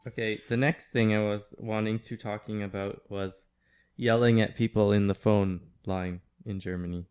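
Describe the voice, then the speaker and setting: A man's voice: lowish voice, fairly even intonation, normal speed, a little mellow, clean tone. A man co-hosting a casual tech podcast, joking and laughing often with his friends. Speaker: podcast co-host. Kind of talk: casual chat.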